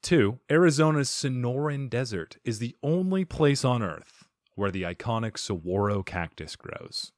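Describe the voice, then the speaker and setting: A man hosts a casual podcast chat, his pitch swinging widely as he jokes and quizzes his guest. He laughs often and keeps the tone playful. The sound is close and dry, with no room echo. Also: unhurried. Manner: animated, laughs often, playful quiz-giving. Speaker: podcast host.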